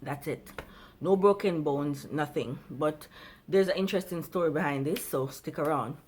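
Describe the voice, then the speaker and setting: A woman vlogger with a somewhat low voice, speaking to camera about her own experience. She rambles and drifts off her point, then finds her way back, growing animated at times and going soft and low at others. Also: moderate pace, a little hiss or hum. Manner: rambling, jumps around then comes back; animated, turns quiet and low at emotional parts. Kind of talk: personal storytelling to camera.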